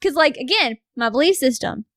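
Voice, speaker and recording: A woman's voice: high-pitched, a little fast, dry recording, studio quality. A woman in her thirties chatting casually as a podcast guest, swearing freely and acting out the quotes in her stories. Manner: animated storyteller, swears freely, acts out quotes. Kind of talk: casual chat.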